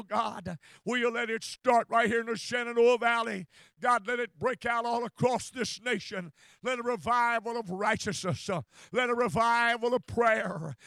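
Older man, pastor, fervent sermon, smooth clear voice, dry close sound. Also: very high voice, pushed and bright, dry recording. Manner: fervent, repetitive exclamations.

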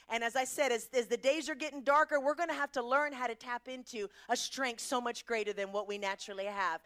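A woman's voice: on the high side, fairly bright tone. A middle-aged woman preaching a sermon, emphatic, asking the congregation questions and answering them herself.

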